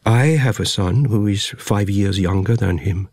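A man with a husky voice narrating a first-person story in an intimate, reflective way. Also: lowish voice, a little slow, a little mellow, dry recording. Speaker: audiobook narrator.

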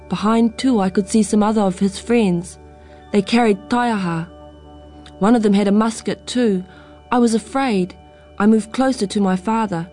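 A woman reading a storybook aloud in a clear, measured way as scripted narration. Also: medium pitch, dark tone. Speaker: storybook reader. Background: music.

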